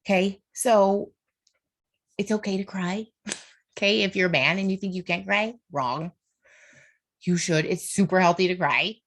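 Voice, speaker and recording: Earnest woman podcast host. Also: lowish voice. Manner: earnest, heartfelt, talks straight to listeners; faith-based encouragement. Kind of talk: solo motivational podcast monologue.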